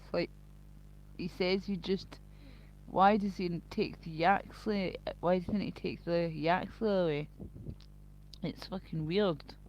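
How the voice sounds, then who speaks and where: A woman's voice: fairly low pitch, steady tone, takes it slowly, pauses often, darkish tone, a little hiss or hum. A woman chatting live to her stream viewers in a rambling, crude and profane way. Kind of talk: casual live-stream chat. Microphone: cheap built-in mic. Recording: dull lo-fi home stream audio.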